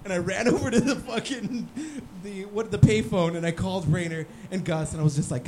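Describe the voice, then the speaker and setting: A man's voice: high-pitched, steady tone, a little fast, few pauses, crowd noise. A man co-hosting a podcast from a sports bar, telling a story in casual chat and laughing often. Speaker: podcast co-host.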